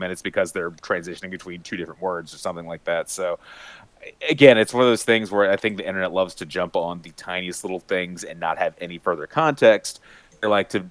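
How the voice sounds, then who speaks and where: Deep-voiced enthusiastic man in casual chat. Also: a bit bright, no room sound. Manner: enthusiastic, rambling with many fillers and restarts; mimics voices with sudden high-pitched bursts. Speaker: podcast panelist.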